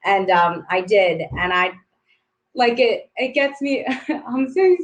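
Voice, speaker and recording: A woman guest telling a story in casual chat, excitable and animated, laughing often. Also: medium pitch, slow pace.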